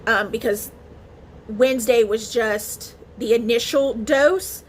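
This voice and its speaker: A woman's voice: fairly high pitch, slow, a little hiss or hum. A woman vlogger talking casually to camera in a chatty, emotional way, with many fillers and restarts. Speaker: beauty vlogger.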